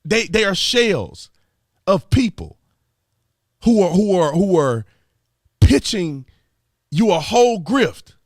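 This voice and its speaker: A man's voice: high voice, slow, pauses often, dry recording, studio quality. A man from Texas, hosting an exasperated political commentary rant and repeating his points. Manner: animated, exasperated, repeats himself. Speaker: commentary host.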